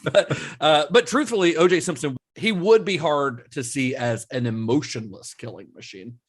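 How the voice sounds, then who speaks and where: A man's voice: a little high, moderate pace, husky. A man co-hosting a casual film podcast, recounting production history at an easygoing pace with occasional fillers. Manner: relaxed storyteller with occasional fillers. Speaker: podcast co-host. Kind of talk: casual chat.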